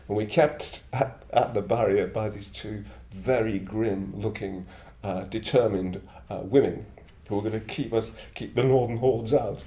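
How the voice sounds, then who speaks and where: A man's voice: fairly low pitch, fairly even intonation, measured pace, few pauses, warm tone. A man in his seventies from northern England, a Buddhist order member telling blunt, rambling anecdotes with a chuckle. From Middlesbrough, northern England. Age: 70s. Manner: blunt, digressive, chuckling storyteller. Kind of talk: reflective anecdotal talk. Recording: echoey room with faint ambience.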